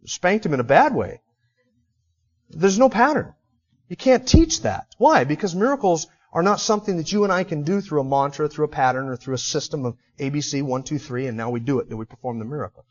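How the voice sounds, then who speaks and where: Animated high-voiced male preacher, lo-fi sound. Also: fairly quick. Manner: animated, rises to emphatic bursts then drops low. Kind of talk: sermon. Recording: dull lo-fi recording.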